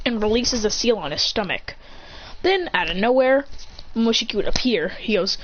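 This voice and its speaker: Woman storyteller, casual and excitable, rambles. Muffled home recording with light background hiss. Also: a little high, moderate pace. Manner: rambling, excitable, with restarts and sound effects. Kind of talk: casual fan-fiction retelling.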